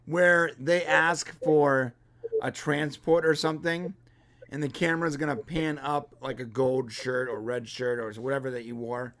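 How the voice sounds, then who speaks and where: A man's voice: medium pitch, fairly even intonation, unhurried, a bit bright. A man co-hosting a live review podcast, thinking aloud in an easygoing, casual way. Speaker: podcast co-host.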